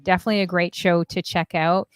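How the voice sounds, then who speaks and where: A woman from Canada hosting a casual panel chat over a video call, chatty and animated with quick asides. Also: lowish voice, smooth, no room sound. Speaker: host.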